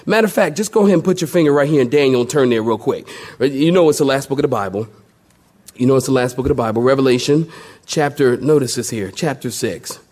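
A man preaching a sermon in a church as pastor, animated and jokey, moving between low, careful scripture reading and excited storytelling.

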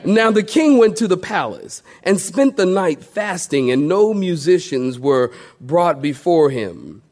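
A male pastor preaching a sermon to a congregation, swinging between loud emphatic highs and hushed lows and calling for amens. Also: big pitch swings, a little slow. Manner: call-and-response with the congregation.

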